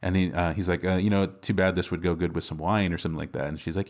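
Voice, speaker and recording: A man co-hosting a podcast, casually retelling a film's plot with lots of fillers and quick acted-out lines. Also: low-pitched, fairly even intonation, darkish tone. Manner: rambling recap with many fillers and laughs. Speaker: podcast co-host. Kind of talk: casual movie recap chat.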